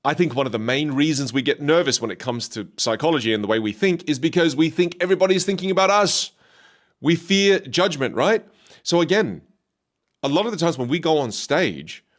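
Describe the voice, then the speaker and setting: Guy running a speaking workshop on stage, punchy and repetitive, talks into a handheld mic, mid-pitched voice. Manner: emphatic, repeats key phrases. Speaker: speaking coach. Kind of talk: live workshop talk. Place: theater stage.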